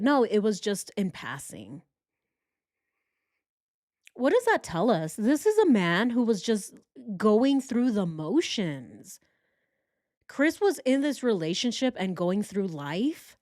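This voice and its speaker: A woman's voice: medium pitch, darkish tone, dry recording, clean studio sound. A woman hosting a true crime live stream, talking casually and mocking the people she quotes in put-on voices. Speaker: true crime show host.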